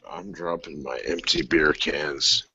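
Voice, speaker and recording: A man's voice: a bass voice, steady tone, takes it slowly, pushed and bright, breathy edge. Crude joking man on a podcast. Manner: crude, laid-back joking. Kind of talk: casual podcast banter. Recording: dull lo-fi audio.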